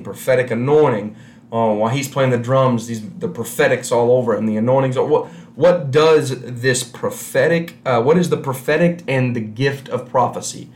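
A man preaches to a camera with no congregation present, speaking conversationally and repeating key phrases for emphasis in this recorded sermon. His voice is medium-pitched and a little mellow, with a roomy sound.

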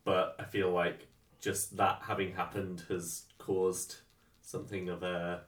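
A man takes his turn in a tabletop game, talking slowly and hesitantly with frequent ums. His voice is very deep and unhurried. He sounds set back from the microphone in an echoey room. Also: level tone, a bit bright, distant mic. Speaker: player.

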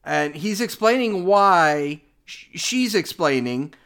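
A man's voice: high voice, expressive, slow pace, a bit bright, smooth. A middle-aged man hosting a podcast, giving blunt, sarcastic commentary on clips he plays and repeating himself as he argues. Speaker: podcast host. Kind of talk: opinionated commentary on played clips.

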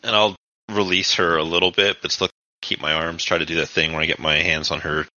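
A man's voice: deep voice, level tone, a little fast, pushed and bright, no room sound, lo-fi sound. A man playing a tabletop game, talking casually and swearing freely. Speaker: player.

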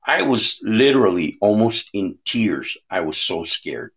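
A man's voice: fairly low pitch, big pitch swings, a little slow, fairly bright tone, breathy edge. A man giving an earnest, conversational sermon, telling a personal story and often checking in with his listeners. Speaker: speaker giving a devotional talk.

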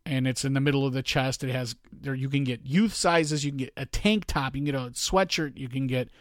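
A man hosting a podcast, chatting casually and telling stories in a laid-back, animated way. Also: medium pitch, a little fast, no room sound, studio quality. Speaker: podcast host. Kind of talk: casual chat.

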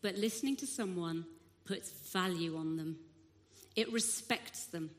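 A woman's voice: on the low side, measured pace. Woman preaching in a reverberant hall. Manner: expressive storytelling, acting out the crowd's shouts. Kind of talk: sermon.

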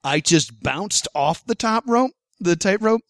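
A man's voice: high-pitched, lively intonation, measured pace, a bit bright, no room sound, clean studio sound. A young man hosting a casual chat, telling a self-deprecating story, laughing often and acting out what people said. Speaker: podcast host.

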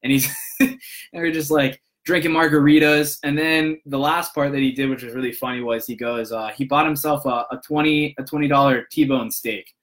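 A man's voice: mid-range voice, fairly even intonation, normal speed, a bit bright. A young man casually telling a long, rambling story to his viewers, full of restarts and "he's like" quotes. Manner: rambling, many restarts and "I'm like".

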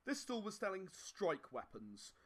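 A man with a high-sitting voice runs a tabletop game as game master, narrating unhurriedly. He is hesitant and filler-heavy, with many restarts, broken by sudden animated outbursts.

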